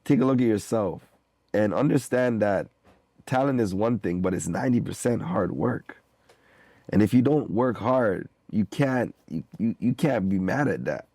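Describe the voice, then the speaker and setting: A male podcast host with a low, gravelly voice keeps things laid-back, saying "bro" a lot. His voice sounds dry and close to the mic, with no room echo. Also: expressive, normal speed, warm tone. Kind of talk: casual interview.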